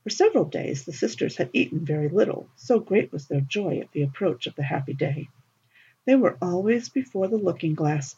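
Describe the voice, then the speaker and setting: A woman narrating a fairy tale in an expressive, lilting storybook reading, on a dull lo-fi recording. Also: on the low side, slightly rough.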